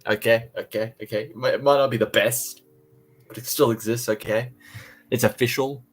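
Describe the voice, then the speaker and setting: A man's voice: medium pitch, steady tone, normal speed, slightly rough. A man co-hosting a live fan podcast in casual chat, teasing and laughing a lot. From not American. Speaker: podcast co-host.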